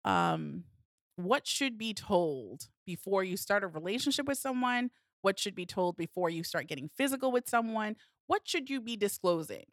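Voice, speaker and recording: A young woman co-hosting a podcast, talking casually in an animated, sassy way and telling a story with many restarts. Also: mid-range voice, normal speed, no room sound, clean studio sound. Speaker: podcast co-host.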